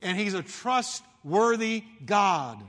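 A male pastor preaching a sermon, telling the story with animated delivery and acting out the voices of the crowd. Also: high voice, takes it slowly, big-room sound.

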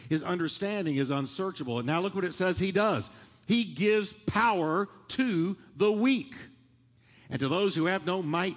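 A man preaching a sermon to a congregation in a church, leading them in call-and-response and building in fervor. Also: fairly high pitch. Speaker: pastor. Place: large church sanctuary. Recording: long hall reverb.

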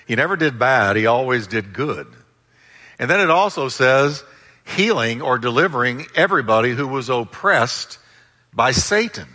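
Bright-voiced pastor preaching in a hall. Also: male voice, mid-range voice, expressive, normal speed. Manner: emphatic, call-and-response with congregation. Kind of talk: sermon.

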